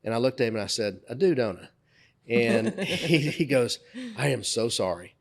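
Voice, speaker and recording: A man's voice: medium pitch, normal speed, vocal fry. A middle-aged man co-hosting a podcast, telling a story in casual conversation and acting out the dialogue. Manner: animated anecdote teller, acts out dialogue. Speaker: podcast co-host.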